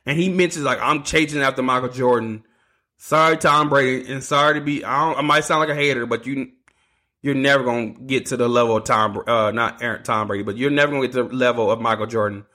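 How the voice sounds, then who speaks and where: A man's voice: mid-range voice, steady tone, fast, sharp tone. A man hosting a solo sports podcast, ranting casually with lots of swearing and restarts. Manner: ranting, profane, restarts a lot. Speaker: podcast host.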